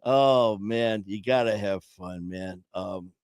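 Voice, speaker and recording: A man's voice: fairly low pitch, takes it slowly, darkish tone, clean tone, no room sound, clean studio sound. A man from Detroit hosting a podcast, telling jokey stories about himself in a casual chat, laughing at his own punchlines. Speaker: podcast host.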